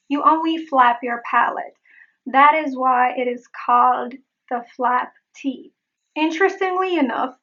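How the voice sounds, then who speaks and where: A woman accent coach giving a pronunciation lesson, repeating example words slowly and carefully. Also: sits high, bright, forceful tone, highs cut off.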